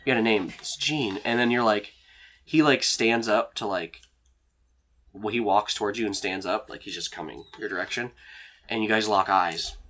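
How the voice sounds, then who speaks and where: A man's voice: lowish voice, moderate pace, fairly bright tone. A man narrating a tabletop role-playing game as game master, rambling with many fillers and frequent laughs.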